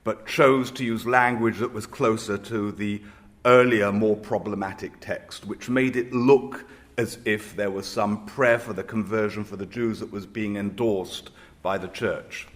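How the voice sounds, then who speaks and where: A man from Israel, a rabbi, speaking on a panel in a measured, reflective way, with hesitations as he tells anecdotes. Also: mid-range voice, a bit bright.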